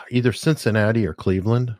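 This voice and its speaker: A man's voice: lowish voice, normal speed, no echo, clean studio sound. A middle-aged man in casual podcast chat, self-deprecating and telling stories. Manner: self-deprecating, lively storyteller.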